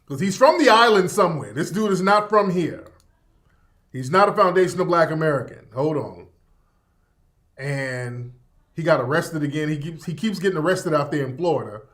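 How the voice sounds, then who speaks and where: A man hosts his radio show as casual livestream commentary, talking in a fairly high voice. He rambles, swears freely and circles back over the same points while reacting to the chat. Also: lively intonation, normal speed, fairly bright tone.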